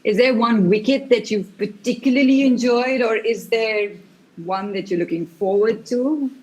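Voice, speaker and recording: A woman's voice: a little high, normal speed, darkish tone, low-quality recording. A woman hosting a podcast, chatty and a little hesitant as she puts questions to her guests. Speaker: podcast host. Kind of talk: casual podcast interview.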